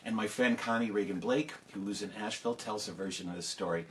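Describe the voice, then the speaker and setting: Lebhafter Geschichtenerzähler für Kinder. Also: male voice, on the low side, fast, slight background noise, low-quality recording. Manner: lively, conversational, with fillers and asides. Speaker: storyteller. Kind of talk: oral storytelling for children.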